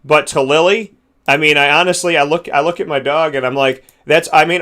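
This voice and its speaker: A man's voice: a little high, moderate pace, sharp tone. A man hosting a podcast, talking earnestly and at length with many restarts. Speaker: host. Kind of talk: heartfelt podcast chat.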